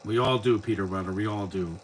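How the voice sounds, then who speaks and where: A man's voice: on the low side, brisk, a little hiss or hum, rough recording. A man giving casual, opinionated live commentary while watching a movie, rambling and blunt.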